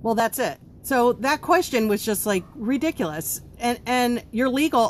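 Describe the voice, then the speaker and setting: A woman's voice: a little high, lively intonation, moderate pace, a little hiss or hum. A woman hosting a live stream about running a home baking business, answering viewer comments in a blunt, chatty way with lots of ums. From not from Pennsylvania.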